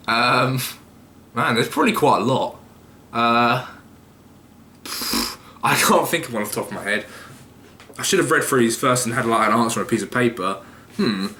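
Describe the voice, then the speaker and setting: A man's voice: mid-range voice, bright, forceful tone, reverberant, slight background noise. A young man casually answering viewer questions in a loose, jokey, rambling way with occasional swearing. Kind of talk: casual vlog Q&A.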